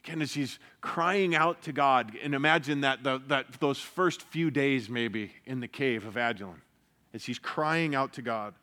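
Bright, earnest male preacher. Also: medium pitch, normal speed. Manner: earnest, drops to hushed emphasis and rises when stressing points. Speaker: pastor. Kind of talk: sermon.

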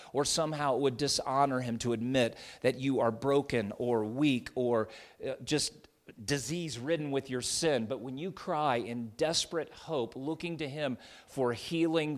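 A middle-aged man preaching an expository sermon, dropping to soft, tender lows and rising to loud, emphatic peaks. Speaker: pastor.

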